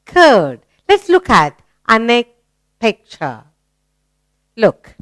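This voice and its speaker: Slow, smooth-voiced woman teaching small children. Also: on the high side, wildly swooping pitch. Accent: Indian English. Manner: slow, encouraging, sing-song questions to young learners. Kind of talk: children's English lesson.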